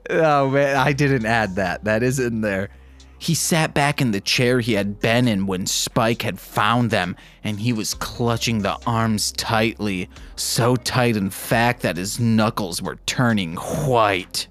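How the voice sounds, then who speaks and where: A man's voice: fairly low pitch, slow pace, fairly bright tone, faint music behind. A man hosting a podcast, reading fan fiction aloud and breaking off for wry, self-mocking comments. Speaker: podcast host.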